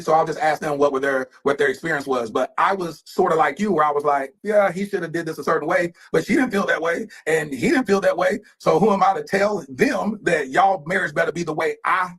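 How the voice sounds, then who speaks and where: A man's voice: a little high, a little fast, few pauses, a bit bright, breathy edge. A man telling a story in conversational podcast talk, quoting others as he goes.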